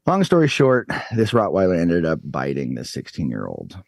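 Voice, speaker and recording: A man in his thirties telling a story on a podcast, animated and swearing freely. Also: low-pitched, normal speed, gravelly, no echo. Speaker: podcast guest. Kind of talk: casual storytelling.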